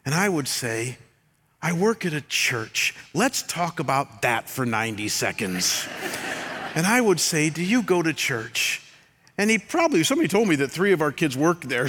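An older man, a pastor preaching a sermon, telling stories with self-deprecating humor and swinging between loud bursts and quiet, earnest stretches. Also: fairly high pitch. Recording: long hall reverb.

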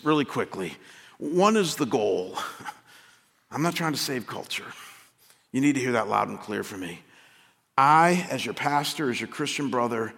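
Pastor guy preaching hard, bright high-ish voice, big echoey church hall. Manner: impassioned, rising to near-shouting peaks then dropping quiet. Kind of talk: sermon. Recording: long reverb of a large hall.

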